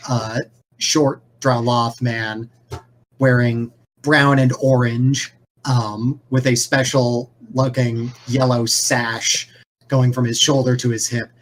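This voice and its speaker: A man running a tabletop game, describing the scene in a loose, casual way. He rambles and fills gaps with filler words, at a medium pitch and an easy pace. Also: flat delivery, takes it slowly, slight background noise. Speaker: game master.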